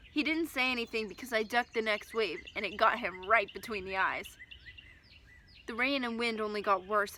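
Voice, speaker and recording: Bright-voiced woman reading a story aloud. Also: medium pitch, a little hiss or hum. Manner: expressive, lively storytelling with shouted dialogue. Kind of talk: reading a first-person children's story aloud.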